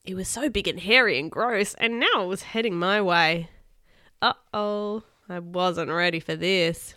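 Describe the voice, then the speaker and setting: Give me a woman reading a children's book aloud, expressive, recorded dry and close. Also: on the low side, normal speed, no echo. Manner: expressive, chatty asides to viewers. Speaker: storybook reader.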